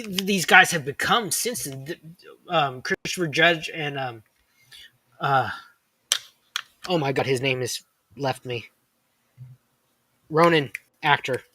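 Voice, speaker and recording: A man co-hosting a casual podcast chat, rambling excitedly and pausing to search for names. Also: on the high side, a little hiss or hum. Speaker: podcast co-host.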